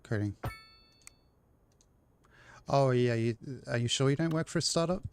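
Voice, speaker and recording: A man's voice: mid-range voice, a little slow, slight background noise. A man live-streaming a city-building game, chatting casually and rambling to his chat while he plays.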